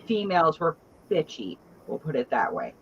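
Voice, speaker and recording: A woman chatting casually on an online panel, telling a lively story and acting out the quoted lines. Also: deep voice, normal speed, breathy edge, muffled recording. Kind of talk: casual chat, animated storytelling.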